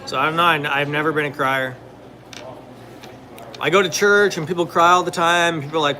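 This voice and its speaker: A man's voice: fairly high pitch, fairly quick, long pauses, background noise. A young man talking casually and rambling, full of fillers, now and then answering questions from viewers. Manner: rambling, filler-heavy, laid-back. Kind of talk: casual chat.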